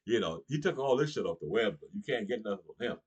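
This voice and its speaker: A husky-voiced middle-aged male comedian with a lively, swooping delivery. He talks straight to his audience in a political comedy monologue and chuckles between his lines. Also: on the low side, fast talker, dull audio. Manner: animated, laughs between lines, addresses the audience directly.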